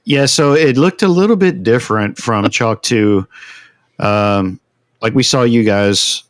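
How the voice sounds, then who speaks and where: A man, a veteran guest on a podcast, telling a long story in a casual, animated way and acting out the quotes. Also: mid-range voice, measured pace, no echo, studio quality. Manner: animated, acts out shouted quotes.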